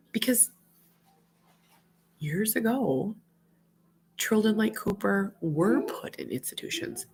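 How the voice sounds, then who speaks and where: A woman's voice: lowish voice, gravelly, fairly bright tone, slight background noise. A woman in her thirties with a slight cold, chatting earnestly and casually to viewers in a home livestream. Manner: earnest, heartfelt, rambling. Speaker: mom vlogger.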